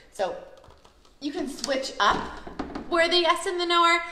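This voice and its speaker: A woman's voice: fairly high pitch, sharp tone, a little hiss or hum. A woman in her thirties, a preschool teacher giving casual, upbeat classroom tips and acting out what kids might say. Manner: chatty, upbeat, acts out kids' lines. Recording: roomy echoey recording.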